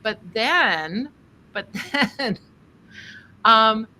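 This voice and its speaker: Woman tarot host, bright and crisp tone, chatty and quick to laugh. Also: on the high side, slight background noise. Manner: chatty, laughs often, animated retelling. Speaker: tarot reader hosting a charity stream. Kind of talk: casual storytelling and tarot reading.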